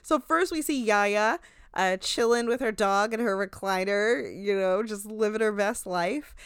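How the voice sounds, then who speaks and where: Young Jersey-accented woman, animated host, smooth voice, dry sound. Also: medium pitch, measured pace, no room sound. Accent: New Jersey. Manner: animated, laughing, profane. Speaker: podcast host. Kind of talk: casual recap chat.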